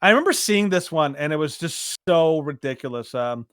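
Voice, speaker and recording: A man co-hosting a podcast in casual opinion chat, halting with many fillers and restarts, getting animated when he mocks something. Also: a little high, smooth, no room sound, clean studio sound. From Latino heritage. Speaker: podcast co-host.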